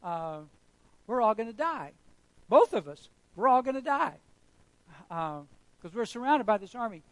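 A man's voice: very high voice, sing-song, unhurried, fairly bright tone, no room sound, pitched above the performer's own voice, exaggerated voice, rough recording. A man voicing a frightened male servant in a sermon, frantic and repeating himself. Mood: panicked.

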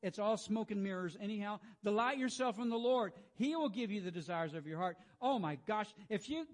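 A high-voiced man preaches a devotional sermon. He reads scripture quietly and slowly, then presses his point with rising emphasis, pausing often to clear his throat. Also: lively intonation. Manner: frequent throat clearing and restarts.

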